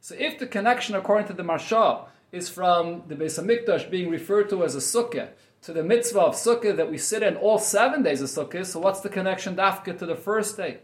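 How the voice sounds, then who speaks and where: Male teacher, high voice, reads then explains line by line; roomy echo. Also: expressive, fairly quick. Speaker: Torah teacher. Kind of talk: text study class, reading Yiddish and explaining in English.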